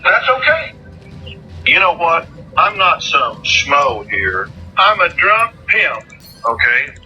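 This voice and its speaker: A man's voice: on the high side, big pitch swings, takes it slowly, sharp tone, muffled recording, slight background noise. A man in a heated argument, insulting and taunting, repeating his jabs.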